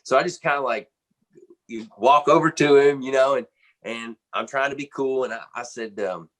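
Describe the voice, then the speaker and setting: A man, a band's drummer, telling a backstage story in an animated, casual way, full of "man" and "you know.". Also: mid-range voice, moderate pace. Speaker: band drummer interviewed.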